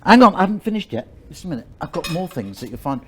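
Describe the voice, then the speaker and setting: Fussy man with a lively voice. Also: high voice, fast, a loud crowd. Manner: fussy, joking, keeps saying "hang on". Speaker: cooking show host. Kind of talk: chatty live cooking segment. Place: outdoor park cooking setup.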